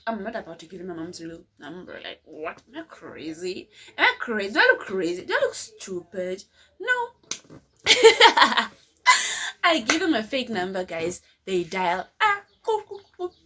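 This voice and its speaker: Animated young woman telling a story. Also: medium pitch, slight background noise. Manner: animated, rhetorical, dramatic. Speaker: vlogger. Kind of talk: storytime vlog.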